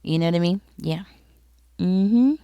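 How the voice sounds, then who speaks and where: Low, smooth-voiced woman reading tarot. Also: a little slow, dark tone, no echo. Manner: conversational, repeats herself, speaks directly to viewers. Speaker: tarot reader. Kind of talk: casual tarot reading to camera.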